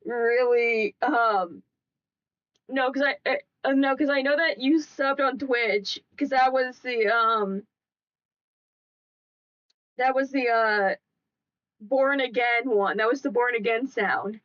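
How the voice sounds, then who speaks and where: A woman's voice: fairly high pitch, slow, long pauses, a bit bright, highs cut off. A young woman streaming a casual chat, giggling and breaking into laughing fits as she talks.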